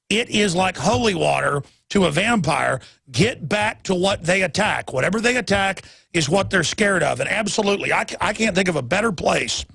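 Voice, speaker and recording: A man's voice: sits high, gravelly, a bit bright, breathy edge, dry recording. A man hosting a call-in talk radio show, ranting in an emphatic, rambling way.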